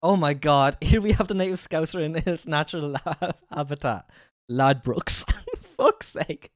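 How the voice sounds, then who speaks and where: A woman's voice: deep voice, unhurried, dry recording, clean studio sound. A woman livestreamer chatting casually, laughing, swearing and mimicking accents while reacting to videos.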